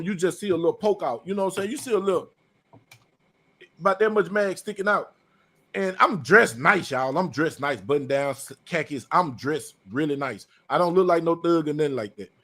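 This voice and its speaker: A man's voice: sits high, a little fast. A man hosting a casual chat show, telling a personal story in loose slang and acting out the quoted voices. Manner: animated, acts out quoted dialogue, loose slangy delivery. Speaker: podcast host.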